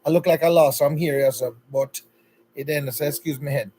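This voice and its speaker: A man's voice: on the high side, fairly even intonation, brisk, mellow, slightly rough, rough recording. A man with a Jamaican accent hosting a casual livestream, chatty and upbeat, greeting viewers one by one by name. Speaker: livestream host.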